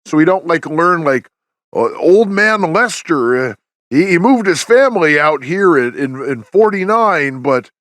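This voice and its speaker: Podcast host, male, fairly high voice, loose rambling delivery, dry close mic. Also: expressive, unhurried, a bit bright, dry recording. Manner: rambling, many restarts and fillers. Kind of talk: casual review chat.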